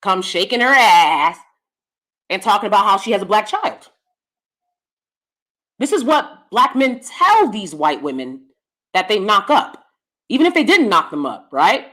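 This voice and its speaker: A woman's voice: medium pitch, sing-song, a little slow, long pauses, a bit bright. An American woman giving a blunt, combative and profane commentary rant as a YouTube host. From United States. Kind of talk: ranting commentary.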